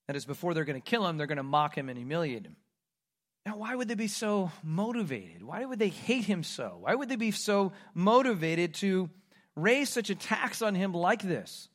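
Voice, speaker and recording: A man preaching through a scripture passage with dramatic emphasis. His voice is high for a man, and he keeps pressing rhetorical questions. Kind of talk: sermon on a Bible passage.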